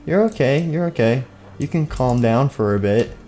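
A young man hosts an improvised game role-play in a loose, playful way. His voice is middle-pitched and easygoing, full of fillers. Faint music plays behind him. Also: animated, moderate pace, dark tone. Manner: casual, filler-heavy, playful. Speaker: gaming channel host.

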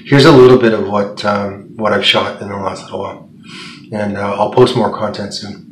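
A man talking casually to his viewers in a vlog, chatty and relaxed, with plenty of fillers. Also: lowish voice, moderate pace, slight background noise, low-quality recording. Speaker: vlogger. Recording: music playing behind the voice.

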